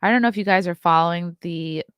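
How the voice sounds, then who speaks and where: A woman hosts a casual live stream, blunt and freely profane as she talks through the chat. Her voice sits low and comes across smooth and clear. The close mic gives a dry, roomless sound. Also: fast talker, a bit bright, dry recording. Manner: blunt, profane, chatty, laughs often. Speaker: podcast host reading live chat.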